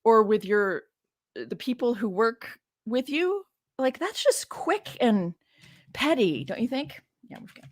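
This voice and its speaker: A woman teacher reads scripture aloud and breaks off into chatty, frank asides, often turning to her listeners with rhetorical questions. Her voice sits at a middling pitch and sounds dry and close, recorded at home. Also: no echo. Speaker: biblical scholar and teacher. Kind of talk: casual scripture reading with commentary.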